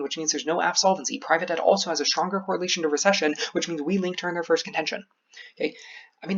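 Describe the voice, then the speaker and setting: Fast-talking gravelly young debate coach. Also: male voice, fairly high pitch, dull audio. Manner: fast, emphasizes key words by slowing down. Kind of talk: instructional lecture on debate delivery.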